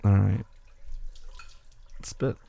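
A young man playing a caring boyfriend who puts his sleepy partner to bed, gentle and reassuring with soft teasing, in a boyfriend role-play audio. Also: extremely slow. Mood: tender.

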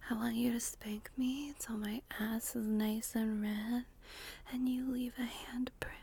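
A woman in a whispered intimate monologue, breathy and sighing, speaking slowly and lingering, recorded in a small closet. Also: on the high side, fairly even intonation. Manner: breathy, sighing, slow and lingering, with soft laughs. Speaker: adult audio creator.

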